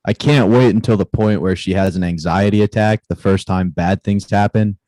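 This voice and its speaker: Dry-sounding low-voiced man riffing sarcastically. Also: fairly even intonation, moderate pace, warm tone, no echo. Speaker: podcast co-host. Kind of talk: casual comedy podcast banter.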